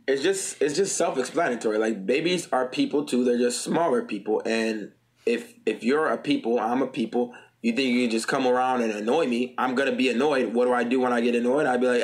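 A man's voice: medium pitch, a little fast. A man in a comedic panel debate, talking in a profane, rambling way and acting out what he'd say to people. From Armenian heritage. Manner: profane, rambling, acts out voices.

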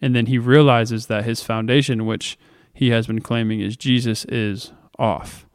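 A man's voice: mid-range voice, steady tone, a little slow, clean tone, no echo, studio quality. A man co-hosting a podcast, talking through a book chapter on faith in an earnest, thinking-aloud way with fillers. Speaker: podcast co-host. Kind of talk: casual faith discussion.

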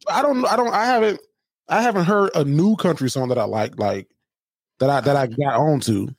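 A man's voice: a little high, normal speed, no echo, studio quality. A man co-hosting a comedy podcast, chatting loosely and retelling stories with quoted lines. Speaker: podcast co-host. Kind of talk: casual comedic chat.

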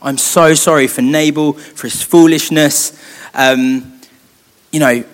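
A man's voice: fairly high pitch, steady tone, slow. A man voicing a wise woman apologizing earnestly, in his own voice. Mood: apologetic. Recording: long hall reverb.

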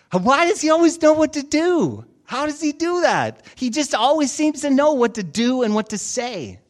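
A man preaching a sermon as pastor, telling stories in an animated way and acting out the voices of the people in them. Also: very high-pitched, normal speed. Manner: animated storytelling with acted-out voices.

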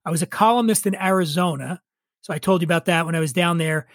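A man's voice: on the high side, fast, no echo. A middle-aged man telling stories in casual chat, profane and opinionated. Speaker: podcast guest.

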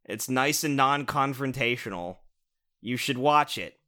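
A man co-hosting a casual podcast, reviewing a show in an animated, sarcastic rant with lots of swearing and restarts. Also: medium pitch, unhurried.

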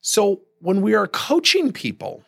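Guy doing a solo coaching podcast, kinda high husky voice, really lively. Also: unhurried. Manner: animated storytelling, acts out quoted people; candid, direct advice.

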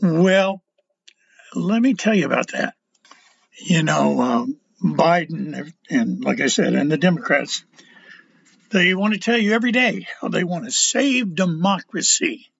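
An older man giving a casual political monologue, rambling and halting, often stumbling over his words. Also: a little high, lively intonation, creaky, breathy edge, no room sound, highs cut off. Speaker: political commentator.

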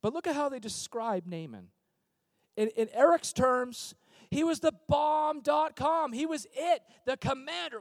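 A middle-aged man preaching a sermon as pastor, conversational and animated, acting out little asides in other voices. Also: extremely high pitch, measured pace, no echo.

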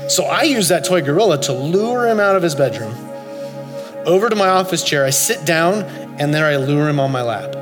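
A man in his forties preaching a sermon, telling a story with loud high bursts and soft low asides. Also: animated, normal speed. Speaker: pastor. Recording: long hall reverb, faint music.

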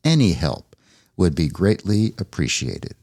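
A man co-hosting a podcast reads a listener's letter aloud. His pitch rises and falls in a lively way, and his voice sounds dry and close to the mic. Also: unhurried, no echo. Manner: lively, expressive reading. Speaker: co-host.

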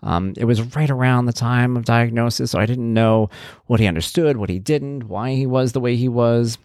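A man's voice: mid-range voice, moderate pace, a little mellow, no room sound, studio quality. A man, a parent blogger, talking in a rambling, conversational way with wry, blunt humor. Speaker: parent blogger talking about his son. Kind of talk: casual spoken monologue.

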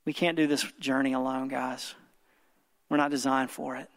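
Gravelly and mid-range, the voice belongs to a thirtysomething pastor speaking at normal speed in a level tone. He preaches earnestly to the congregation during a church service, illustrating his point with a story over soft background music.

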